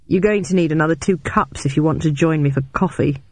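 A woman's voice: low-pitched, quick pace, darkish tone, dry recording. A man voicing a tough young female detective who answers danger with sardonic quips, in a dry recording. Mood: tense. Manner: sardonic quips under pressure.

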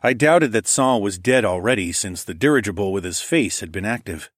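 A man's voice: on the low side, expressive, brisk, no room sound. A man narrating a first-person audiobook in a wry, dry manner with muttered asides.

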